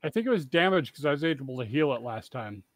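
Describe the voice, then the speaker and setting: A man's voice: medium pitch, animated, fast talker. A man playing in an online tabletop game, stating rules and plans matter-of-factly. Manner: matter-of-fact about rules. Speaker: player. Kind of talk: casual game chat.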